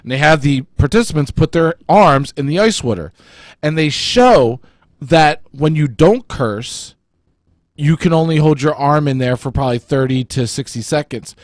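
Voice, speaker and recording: A man's voice: fairly high pitch, lively intonation, normal speed, no echo. Talkative man co-hosting a radio show. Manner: talkative, explains at length. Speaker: co-host. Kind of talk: casual radio show banter.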